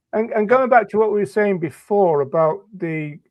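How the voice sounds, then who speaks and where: A man hosting a live video show, chatty and jokey, talking with some halting restarts on a video call. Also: high voice, lively intonation, dull audio. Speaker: host.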